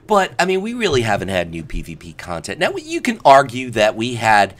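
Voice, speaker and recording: Lively, sarcastic man ranting over gameplay. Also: on the high side. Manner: animated, sarcastic, mocks others with put-on voices. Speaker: gameplay commentator.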